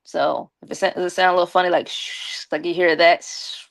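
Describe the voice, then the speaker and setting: A woman live streamer with a slight lisp and a gravelly, fry-edged voice that sits a little low. She chats loosely and directly with her viewers, calling out shout-outs as she goes. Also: steady tone, fast. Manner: chatty, talks straight to viewers, gives shout-outs. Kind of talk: casual live-stream chat.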